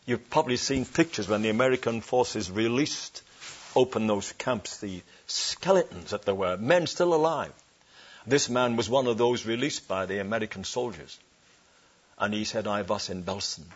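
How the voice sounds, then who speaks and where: A male preacher delivers a sermon in a church with a mid-range voice. He leans hard on scripture phrases and draws each one out slowly, and he throws rhetorical questions to the congregation. The recording sounds dull and lo-fi. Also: mid-range voice, breathy edge.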